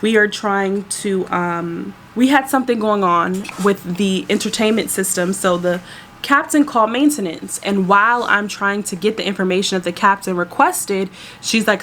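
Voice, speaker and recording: A woman's voice: mid-range voice, moderate pace, a little hiss or hum. A woman flight attendant casually telling a story about her workday to her viewers, chatty and exasperated. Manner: chatty, exasperated, animated retelling.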